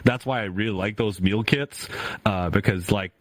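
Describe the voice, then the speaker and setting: A man co-hosting a casual podcast, telling animated stories with lots of laughter and acted-out quotes. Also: on the low side, normal speed, no room sound. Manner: animated storyteller, laughs often, acts out quotes. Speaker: podcast co-host.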